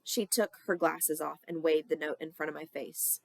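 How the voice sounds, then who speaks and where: A woman teacher reads a children's story aloud, with a low, gravelly voice. The sound is dry and close, and she acts out the dialogue with lively character voices. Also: normal speed, no room sound.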